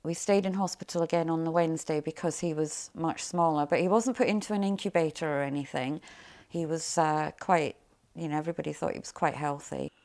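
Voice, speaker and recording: A middle-aged woman speaks in a documentary interview, her voice slightly low and edged with creaky fry. She tells her story quietly and haltingly, often sinking toward a hush. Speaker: bereaved mother interviewed.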